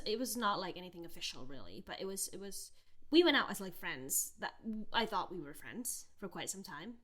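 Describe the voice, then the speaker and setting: A young woman in her twenties, a podcast host, telling a personal story in a candid, animated way, with frequent laughter and fillers like "like" and "um". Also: mid-range voice. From Southern California. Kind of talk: casual storytelling rant.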